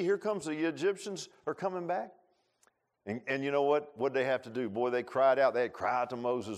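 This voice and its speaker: A man's voice: on the high side, fairly quick. A man preaching a sermon in a folksy, conversational way, with restarts and asides to the congregation.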